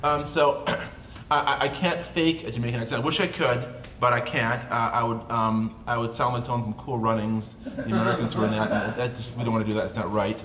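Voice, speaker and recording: A man's voice: medium pitch, flat delivery, a little fast, fairly bright tone. Joking upstate New York man in a roomy hall. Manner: joking, self-deprecating. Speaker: author speaking at a panel. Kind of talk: casual panel talk to an audience. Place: dark indoor event room. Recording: roomy event-room recording, faint noise.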